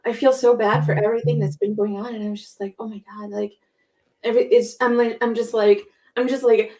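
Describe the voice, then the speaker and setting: Excitable, rambling woman podcast co-host. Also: fairly high pitch, brisk. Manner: rambling, filler-heavy, excitable storytelling. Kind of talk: casual chat. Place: home.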